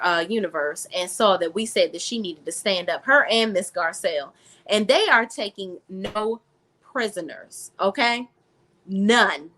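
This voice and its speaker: A woman's voice: medium pitch, a bit bright. A woman recapping a reality TV episode in a blunt, profane, sassy style, talking straight to her viewers. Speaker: reality TV reviewer. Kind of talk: casual recap vlog.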